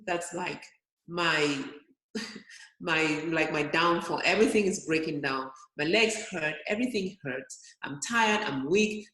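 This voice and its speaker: Her mid-range voice has a fairly bright tone. An interview guest in her early fifties, she's a physician focused on weight loss who tells lively stories and dramatizes her own inner voice, all captured with echo from the room.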